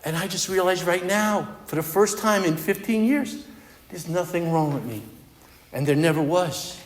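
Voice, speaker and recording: At a recovery meeting, a man gives an AA talk, telling his personal story in an earnest, conversational way. His voice sits high and moves at normal speed, and the hall is echoey with long reverb.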